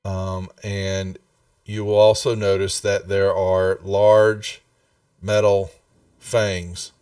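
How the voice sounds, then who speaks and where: A man running a tabletop game as game master, talking slowly with many pauses and fillers over a voice call. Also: sits low, level tone, a little mellow, clean tone, no room sound, clean studio sound, recorded from a distance. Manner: slow, halting, many fillers.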